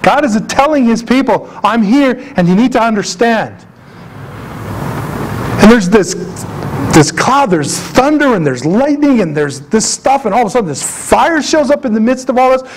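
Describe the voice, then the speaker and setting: High, animated man preaching a sermon. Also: a little fast, low-quality recording. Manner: animated, emphatic preaching with asides and jokes. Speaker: pastor. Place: church sanctuary.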